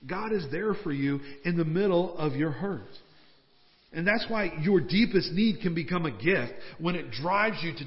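A pastor delivering a conversational, emphatic sermon in a church. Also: male voice, a little high. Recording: reverberant hall, dull lo-fi sound.

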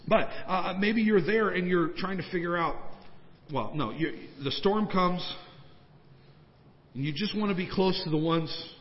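A man preaching from the pulpit, his fairly high voice climbing on urgent questions and sinking to quiet, slowed asides. The sound carries the long reverb of a church hall. The recording is muffled and lo-fi, with the top end rolled off. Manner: animated preaching, swinging from emphatic raised questions to hushed, slowed asides. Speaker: pastor. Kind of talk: sermon.

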